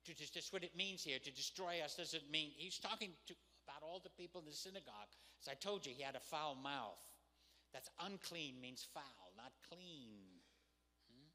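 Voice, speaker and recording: A man's voice: fairly high pitch, lively intonation, moderate pace, pushed and bright. Older man teaching in a hall. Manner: chatty, laughs often, asks "hmm?" to the room. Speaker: teacher of Aramaic scripture. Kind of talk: casual lecture to a live group. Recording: long reverb in a hall.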